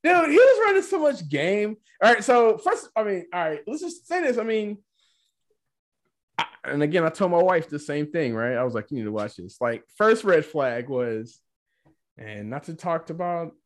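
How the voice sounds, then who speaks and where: A man's voice: high-pitched, very animated, moderate pace. A man co-hosting a podcast, chatting casually and rambling with frequent "right?" asides. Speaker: podcast co-host. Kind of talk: casual chat.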